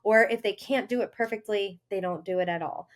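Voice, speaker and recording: A woman hosting a health podcast, talking earnestly in a casual monologue and acting out inner voices with sudden lifts in pitch. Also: brisk. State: briefly tearful. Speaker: health coach and podcast host.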